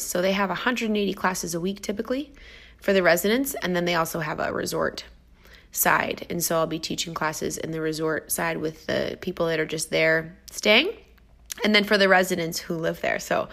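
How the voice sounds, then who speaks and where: Bright, upbeat woman fitness trainer. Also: fairly low pitch, creaky. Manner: upbeat, enthusiastic, animated storytelling. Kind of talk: casual storytelling vlog.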